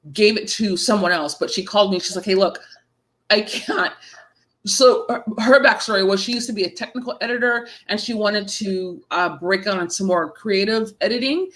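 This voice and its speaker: Heard on a rough recording, a woman in her thirties with a mid-range voice shares stories casually in an interview. She writes horror and tells her anecdotes with energy, voicing the people she quotes.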